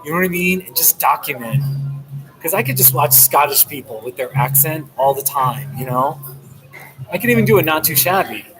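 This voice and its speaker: A vlogger, an American man from the New Jersey–New York area, rambles and chats casually on a live stream from a coffee shop, laughing often. His voice is fairly high, animated and brisk, with music behind him. He records on a laptop he holds up, and the audio quality is poor.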